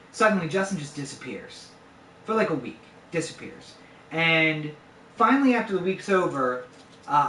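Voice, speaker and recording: Bright-voiced man telling a story. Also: on the high side, a little hiss or hum. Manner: conversational, swears freely, lots of fillers. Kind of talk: casual true-story telling. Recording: echoey room, voice a bit far from mic.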